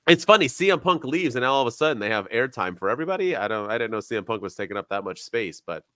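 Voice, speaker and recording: A young man co-hosting a casual wrestling podcast, talking with sarcasm and swinging between loud bursts and quiet asides. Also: mid-range voice, rapid-fire, clean tone, no echo. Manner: animated, sarcastic, jumps between loud and soft. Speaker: podcast co-host.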